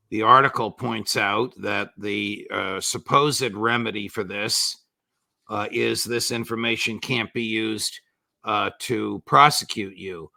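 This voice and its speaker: An older man, a former judge, giving measured but indignant political commentary with sarcastic asides. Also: on the low side, vocal fry, bright, forceful tone, dry recording.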